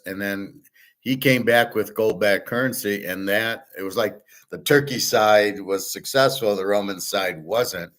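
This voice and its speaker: A man's voice: deep voice, a bit bright. A middle-aged man talking casually and bluntly on his own show, rambling, swearing and restarting his sentences. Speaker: host. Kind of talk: casual monologue on money and markets.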